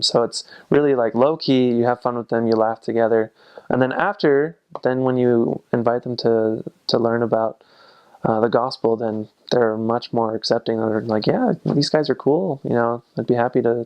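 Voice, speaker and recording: A man's voice: mid-range voice, muffled recording. Chatty young man searching for words. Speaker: returned missionary. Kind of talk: casual talk to camera.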